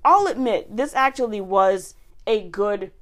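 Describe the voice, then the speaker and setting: A woman's voice: mid-range voice, measured pace. A woman from New Jersey co-hosting a podcast, talking casually and telling stories with lots of fillers. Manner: chatty, animated storytelling with lots of fillers. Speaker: podcast co-host. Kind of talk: casual chat.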